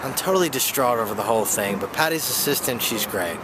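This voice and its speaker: Guy from jersey telling a story on himself, dry and self-mocking, loud traffic noise all around. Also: medium pitch, expressive, fast talker. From New Jersey. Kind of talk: personal storytelling. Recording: handheld camera with loud vehicle noise.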